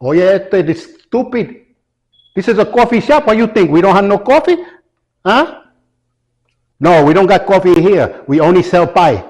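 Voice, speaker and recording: A man's voice: high-pitched, animated, moderate pace, pauses often, a little mellow, pitched above the performer's own voice. A man playing an impatient old male coffee shop worker, talking in brusque, broken English. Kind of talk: comedy sketch.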